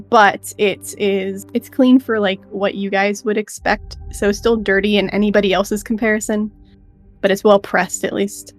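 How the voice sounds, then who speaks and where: Woman dm narrating a tabletop game, casual n loose, middle pitch, faint music under it. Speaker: game master.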